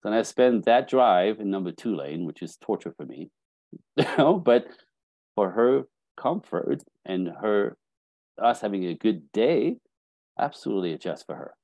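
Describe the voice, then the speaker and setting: A middle-aged man, a dating coach, telling lively stories on a podcast and acting out bits of dialogue. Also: lowish voice, measured pace, dry recording. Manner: animated storytelling, acting out dialogue. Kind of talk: casual podcast conversation.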